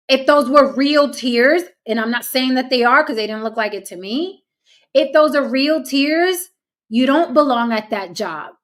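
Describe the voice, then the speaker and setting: A woman's voice: sits high, fairly bright tone. Blunt, cynical woman host. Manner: blunt, cynical, talks straight to viewers. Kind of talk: casual commentary.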